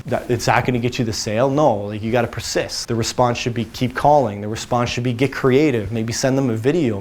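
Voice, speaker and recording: A man hosting a sales channel, giving a casual motivational talk with frequent restarts and filler phrases. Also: medium pitch. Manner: conversational, many restarts and "you know"s.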